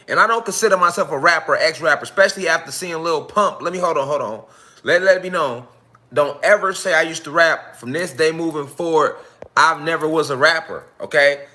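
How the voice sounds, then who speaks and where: A man hosting a casual livestream as a spiritual teacher, talking in a loose, slangy, profane and repetitive way. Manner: animated, jumps into high-pitched voices when quoting fans.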